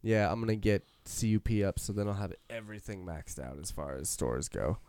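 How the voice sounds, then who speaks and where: A man hosting a casual chat while playing a mobile game, rambling, swearing casually and quick to laugh. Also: on the low side, darkish tone. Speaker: host.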